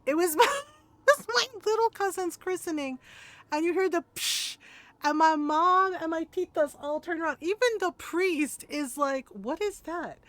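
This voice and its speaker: A chatty woman streamer spins a rambling family story, full of laughter and little asides. Her voice is high, and the sound is close and dry with no room around it. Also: fairly bright tone, no echo. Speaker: game streamer. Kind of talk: casual storytelling.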